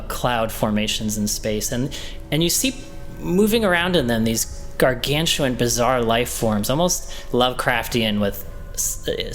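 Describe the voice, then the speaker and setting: Male game master, mid-pitched, slow descriptive narration with ums and restarts. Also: a bit bright.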